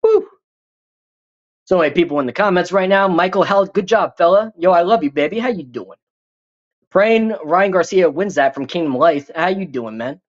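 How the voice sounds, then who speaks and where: A man's voice: high-pitched, moderate pace, lo-fi sound. A man hosting a live stream, reading viewer comments in a profane, rambling, joking way.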